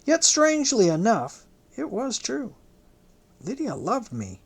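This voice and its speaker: An audiobook narrator reading a historical novel in the first person, in a measured, literary way. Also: mid-range voice, wildly swooping pitch, vocal fry, husky.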